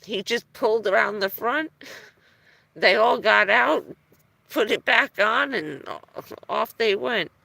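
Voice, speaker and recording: A woman's voice: on the high side, slow, vocal fry, pauses often, sharp tone, breathy edge, no room sound. A woman chatting casually on a live stream, telling rambling stories and chuckling often between phrases.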